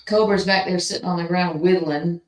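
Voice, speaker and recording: A woman co-hosting a casual chat, telling stories in an animated, laughing way. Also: lowish voice, brisk, echoey room, rough recording. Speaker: co-host.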